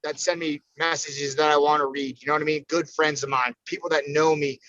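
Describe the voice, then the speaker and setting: An American man talks fast and profanely, pumping himself up as he tells stories on a podcast. His voice sits high and sounds bright and forceful. The sound is dry and a little dull. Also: flat delivery, no room sound. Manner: profane, fired-up, emphatic. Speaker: podcast guest, fighter. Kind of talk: casual podcast chat.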